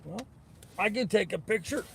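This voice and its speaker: A man's voice: high-pitched, animated, normal speed, vocal fry, slight background noise. An older man hosting a casual live stream from his boat in a harbor, talking in an easygoing, chatty way and laughing often. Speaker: host. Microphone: handheld camera or tablet.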